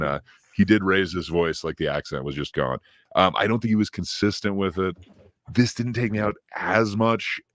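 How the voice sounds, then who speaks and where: A man with a very low voice talks through a film review in a casual, meandering way, stopping and restarting often and leaning on fillers. The sound is dry and close, with no room around it. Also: fairly bright tone, no echo. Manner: rambling, hesitant, many fillers and restarts. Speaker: podcast co-host reviewing films.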